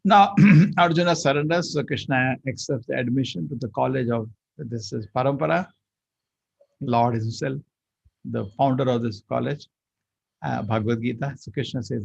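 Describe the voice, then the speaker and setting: Gravelly man teaching scripture. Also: medium pitch, muffled recording. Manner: chants Sanskrit verses and explains them line by line. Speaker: Bhagavad Gita teacher. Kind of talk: scripture class lecture.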